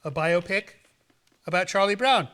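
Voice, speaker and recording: Goofy horror host guy, high bright voice, rambles and jokes. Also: moderate pace. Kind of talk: playful, campy hosting chat.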